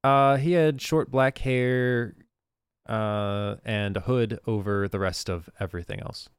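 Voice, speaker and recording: Casting: wary young shopkeeper woman, man doing the voice, hesitant, lowish pitch, dry sound. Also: steady tone, takes it slowly, smooth, dry recording.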